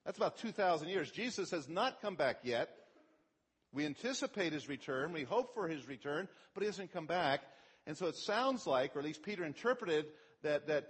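A man's voice: fairly high pitch, husky. A middle-aged man preaching a sermon as pastor, explaining scripture and raising his voice with emphasis on quoted verses.

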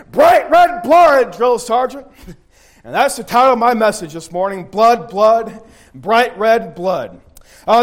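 A man preaching a sermon, telling an army story in a folksy way, often repeating and restarting his phrases. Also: very high-pitched.

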